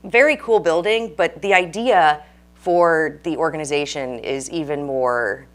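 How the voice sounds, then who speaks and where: A woman with a notably low voice hosting a casual local interview. She keeps things friendly and nods along with short affirmations. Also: unhurried. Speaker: host.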